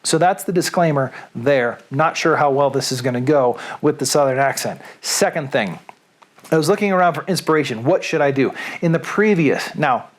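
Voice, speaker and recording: Middle-aged male DJ, rambling self-mocking home monologue, slightly high voice, studio mic. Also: lively intonation, moderate pace. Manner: self-deprecating, chatty, rambling. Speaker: radio DJ and video host. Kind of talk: casual rambling monologue to camera. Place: small room at home. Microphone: studio microphone.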